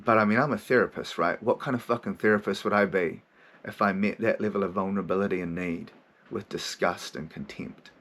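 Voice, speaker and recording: A man's voice: low voice, fairly quick, fairly bright tone. A man who hosts a podcast and works as a therapist, speaking frankly in a casual monologue, swearing freely, laughing often and acting out his own inner voices.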